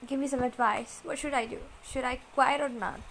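A woman talking straight to her listeners in a personal, confessional monologue. She speaks softly and haltingly, repeats herself and searches for words. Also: high voice, steady tone, a little hiss or hum, poor audio. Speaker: vlogger.

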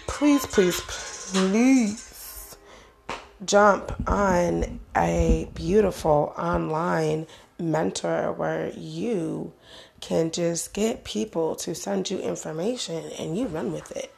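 Gravelly, rambling woman vlogger. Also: lowish voice, drawn-out words, darkish tone, soft background music. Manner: rambling, slangy, profane. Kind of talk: casual monologue to viewers.

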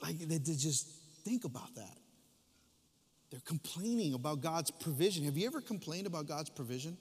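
A middle-aged male pastor with a notably high voice, preaching in a church hall with a long echo. He repeats key phrases and swings between loud, drawn-out lines and hushed asides. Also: expressive, slightly rough. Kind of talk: sermon. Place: church sanctuary.

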